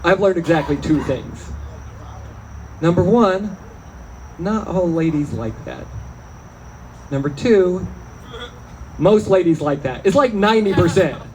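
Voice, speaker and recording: A man performing a stand-up comedy set, deadpan and self-mocking, slipping into quoted voices. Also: sits high, unhurried, pauses often, slight background noise, poor audio. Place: small venue, live audience.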